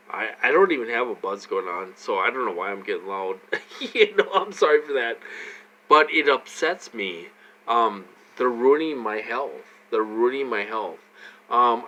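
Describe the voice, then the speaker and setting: A man's voice: medium pitch, bright, forceful tone, low-quality recording. A man in his forties venting in a personal vlog, repeating himself, agitated and full of restarts and fillers. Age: 40s. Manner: agitated, repetitive ranting. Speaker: vlogger.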